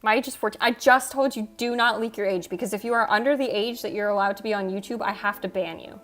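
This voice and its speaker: A woman hosting a casual livestream, reading chat aloud and teasing viewers with frequent laughs. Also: medium pitch. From United States. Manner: teasing, quick, laughs often. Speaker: livestream host. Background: soft background music.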